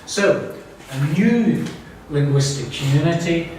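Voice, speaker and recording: A man's voice: a little high, expressive, slow pace, a little mellow, distant mic, slight background noise. A man giving an academic lecture in a wry, digressive manner, with many fillers. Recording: echoey lecture hall from afar.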